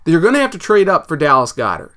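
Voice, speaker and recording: A man co-hosting a casual sports podcast, rambling and animated with mock outrage at rival teams. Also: a little high, fast. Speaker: podcast co-host.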